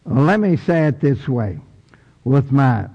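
A man with a Kentucky accent preaching a sermon, passionate, rising to near shouts and stretching out his phrases. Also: mid-range voice, big pitch swings, a little slow, in a large hall, dull audio.

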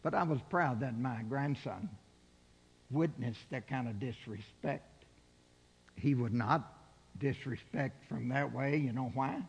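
A man's voice: medium pitch, slow pace, gravelly, breathy edge, long reverb tail, highs cut off. An older man preaching a sermon, putting rhetorical questions to his congregation.

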